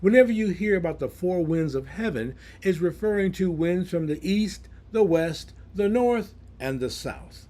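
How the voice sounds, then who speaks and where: A man's voice: sits high, animated, moderate pace, few pauses, mellow. A man preaching a Bible teaching sermon, explaining scripture verse by verse in plain words.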